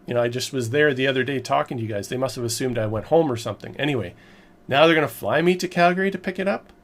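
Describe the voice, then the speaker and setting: A man's voice: medium pitch, quick pace. A man vlogging, recounting a frustrating purchase in a rambling, emphatic, exasperated way. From Canada. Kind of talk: casual storytelling to camera.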